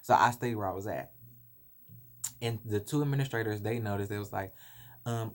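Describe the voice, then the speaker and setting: A man's voice: lowish voice, a little fast. Earnest young man telling his story. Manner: earnest, animated, emotional retelling. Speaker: vlogger. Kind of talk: confessional storytelling. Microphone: phone.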